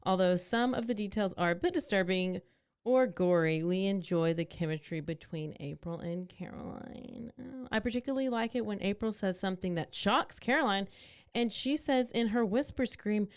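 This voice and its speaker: A woman co-hosting a podcast, chatting casually and telling animated stories with laughs. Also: mid-range voice, moderate pace, clean tone. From Texas. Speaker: podcast co-host. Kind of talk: casual chat.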